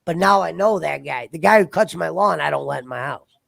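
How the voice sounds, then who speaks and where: A man's voice: a little high, expressive, brisk, vocal fry, a bit bright. A man hosting a casual chat, rambling bluntly through stories.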